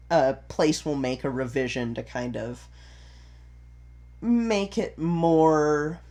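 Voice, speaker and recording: A man talking through theatre trivia in a relaxed, explanatory podcast chat. He rambles a little, backs up to restart his sentences, and fills pauses with ums. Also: medium pitch. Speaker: podcast co-host, theatre performer. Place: home recording setup in Utah.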